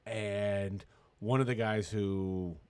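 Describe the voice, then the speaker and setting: A man co-hosting a podcast, talking casually in a blunt, excitable way with lots of swearing. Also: on the low side, slow pace, clean tone, no echo. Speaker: podcast co-host, actor. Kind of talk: casual chat.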